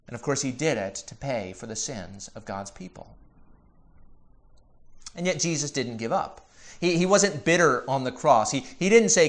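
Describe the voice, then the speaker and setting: A man preaching a sermon as pastor, earnest, building to emphatic repeated questions and dropping softly on key phrases. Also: on the high side, lively intonation. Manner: drops to slow, soft emphasis on key phrases.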